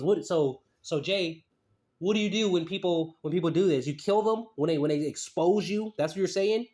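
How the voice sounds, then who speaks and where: Brief: man, high voice, skeptical commentator who repeats himself while picking apart a statement. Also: a little fast, a little mellow. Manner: repeats phrases, skeptical and mocking. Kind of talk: casual commentary reading a statement aloud.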